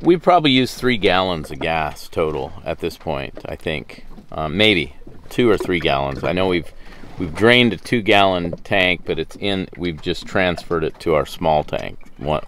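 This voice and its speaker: Deep-voiced man rambling on a sailboat. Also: slight background noise. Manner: rambling, chatty, lots of fillers and restarts. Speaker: sailing vlogger. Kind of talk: casual chat to camera. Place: sailboat at sea.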